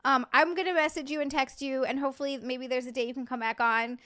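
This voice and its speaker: Woman streamer, casual chat, slightly high voice, dry close sound. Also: steady tone, fast talker, bright, forceful tone, no echo. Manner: chatty, reads and answers chat messages. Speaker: live streamer.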